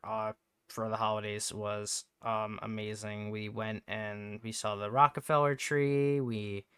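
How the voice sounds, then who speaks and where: A man streaming from home, chatting casually in a rambling, halting way, swearing often. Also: mid-range voice, sharp tone, clear, resonant tone, no room sound, clean studio sound. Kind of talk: casual livestream chat.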